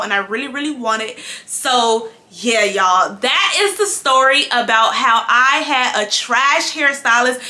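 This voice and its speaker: A young woman telling a casual storytime to her viewers, animated and talking to them as y'all. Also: fairly high pitch, echoey room. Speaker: vlogger.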